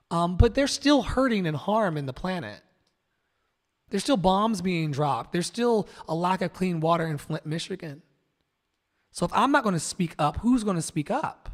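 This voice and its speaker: A man from Virginia hosting a livestream, delivering an impassioned, preachy monologue with sudden loud outbursts and soft asides. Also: high-pitched, expressive, moderate pace, in a large hall. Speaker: livestream host.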